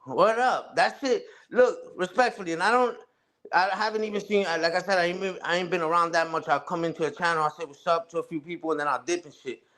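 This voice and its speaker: A young man with a high, somewhat bright voice talks fast while ranting on a casual livestream. He trash-talks other streamers in a profane, repetitive way, often tacking on "you heard?" and "respectfully." His mother's side of the family is Puerto Rican.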